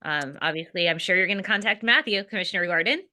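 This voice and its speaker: A woman chairs a community meeting in a brisk, procedural way. Her voice is bright and tense, pitched a little low. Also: slight background noise.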